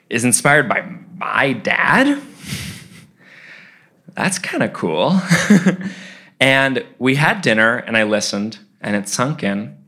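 A man in his twenties tells a funny personal story live to an audience. His bright, forceful voice leaps around in pitch, and laughter keeps breaking into his lines.

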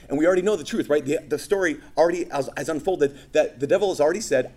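A man preaching a sermon, telling stories and acting out quoted voices with animated energy. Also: on the high side, fast talker, hardly any pauses.

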